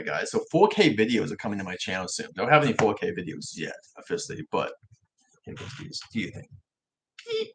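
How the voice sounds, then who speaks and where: A young man whose R's come out soft, like W's, chatting casually on a livestream vlog with frequent restarts. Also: lowish voice, huge pitch swings, brisk, background noise. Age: young adult. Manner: rambling, self-correcting talk with frequent restarts. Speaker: livestream vlogger.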